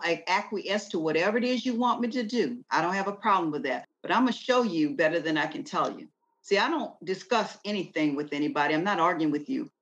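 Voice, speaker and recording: A woman guest talking emphatically in a casual conversation, shifting into a preacher-like delivery and telling stories with energy. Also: mid-range voice. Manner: lively, animated storytelling.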